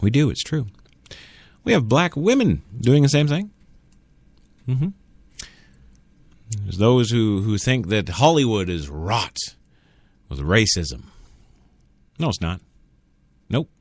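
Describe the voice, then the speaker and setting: Man, talk radio host, blunt and sardonic, swinging pitch, dry close mic. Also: sing-song, slow, pauses often, dry recording. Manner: blunt, sardonic, argues with imagined listeners. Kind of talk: opinionated solo talk radio monologue.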